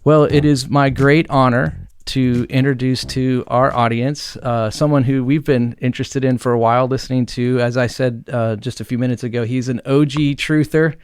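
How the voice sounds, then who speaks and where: A man hosts a casual podcast, upbeat and fond of a joke as he steers the talk. His voice is smooth and resonant. The sound is dry and close, with no room around it. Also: medium pitch, steady tone, moderate pace, hardly any pauses, no echo. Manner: upbeat, jokey, leads the conversation. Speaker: podcast host.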